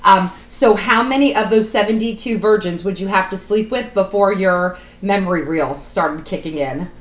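A woman's voice: mid-range voice, normal speed. A woman co-hosting a comedy podcast, asking curious questions in the banter. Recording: echoey room.

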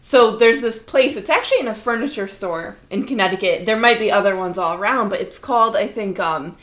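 A woman in her twenties tells a funny story in casual conversation, animatedly acting out the voices of the people in it. Her voice sits in the mid-range and moves a little fast, and the recording has a roomy echo.

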